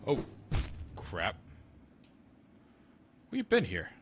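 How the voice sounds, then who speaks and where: A man's voice: lowish voice, huge pitch swings, very slow, slight background noise. A man casually chatting and muttering to himself while streaming a game. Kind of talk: casual gameplay commentary.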